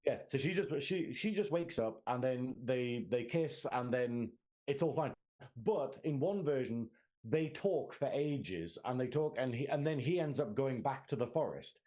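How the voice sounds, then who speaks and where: A man's voice: medium pitch, animated, a little slow, darkish tone. A man with a Northern English accent co-hosting a film podcast, chatting casually and animatedly, acting out characters' lines and laughing often. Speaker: podcast co-host. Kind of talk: casual film discussion chat.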